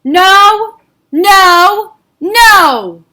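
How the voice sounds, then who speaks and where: A woman acting a shouting stubborn king. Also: very high voice, expressive, extremely slow, voice pushed up, exaggerated voice. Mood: shouting refusal. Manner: shouting, indignant. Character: stubborn angry male Egyptian king.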